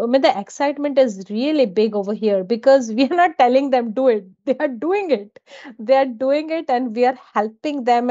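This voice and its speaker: Lively woman, muffled audio. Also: on the high side. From India. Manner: animated, laughs often between phrases. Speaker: guest, data executive. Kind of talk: casual interview storytelling. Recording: dull lo-fi audio.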